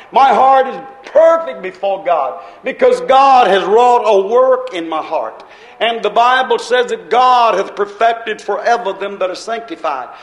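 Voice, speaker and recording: A man preaching a sermon with passion, drawing out quotes and rising to shouts. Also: high-pitched. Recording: echoey room.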